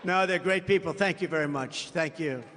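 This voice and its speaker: A man's voice: fairly high pitch, normal speed, fairly bright tone, slight background noise. A man giving a rambling, boastful rally speech from a podium microphone, with off-the-cuff asides to the crowd. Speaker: political candidate at a campaign rally. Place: large rally venue before a crowd. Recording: long reverb of a big rally hall.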